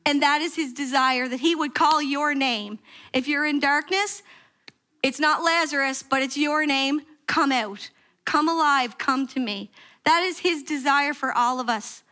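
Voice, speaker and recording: A woman pastor giving a sermon, telling a story with lively acted-out quotes and questions to the congregation. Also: normal speed. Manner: animated storytelling, acting out quoted prayers with sharp pitch jumps. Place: church sanctuary.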